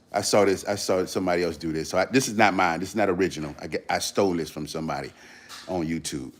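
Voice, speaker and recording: This low-voiced man is hosting a livestream and giving his viewers a sincere pep talk. He uses casual slang and says things more than once for emphasis.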